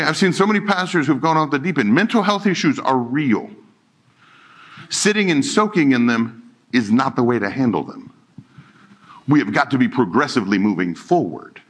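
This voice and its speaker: Middle-aged man, pastor, casual joking sermon delivery, medium pitch. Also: a bit bright. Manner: joking, conversational preaching with laughs and quoted dialogue.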